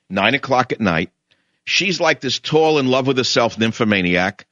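An older man hosts a radio talk show with a bright, forceful voice, and his pitch swings widely as he rants. He mocks people and acts out their voices while he tells his story. The sound is dry and a little dull, like a radio studio. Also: no room sound. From New York. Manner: indignant, mocking, storytelling with mimicked voices. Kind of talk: ranting monologue.

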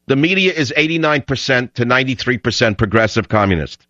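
An older man hosting a political talk radio show, ranting combatively and rising to shouts. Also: mid-range voice, expressive, quick pace, no room sound. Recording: dull lo-fi broadcast sound.

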